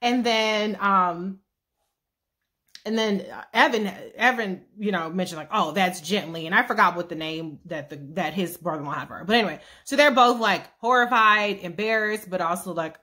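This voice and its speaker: A woman's voice: mid-range voice, sharp tone. A woman casually recapping a TV series with profane, sassy asides. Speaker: show recap vlogger.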